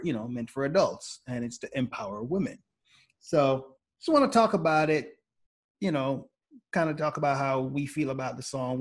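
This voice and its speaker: A man hosting a podcast in laid-back casual chat, filling his talk with "like" and "you know" and laughing often. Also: medium pitch. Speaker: podcast host.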